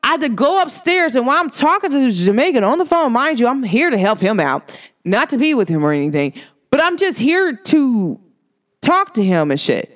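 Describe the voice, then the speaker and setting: A woman's voice: sits high, fairly quick. A woman hosting a spiritual podcast, telling a story in a casual, slangy monologue. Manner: animated, slangy, swearing freely.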